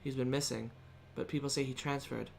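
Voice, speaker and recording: A woman streamer reading a visual novel's narration aloud in a subdued, measured way. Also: extremely low pitch, steady tone, vocal fry, a little mellow, a little hiss or hum.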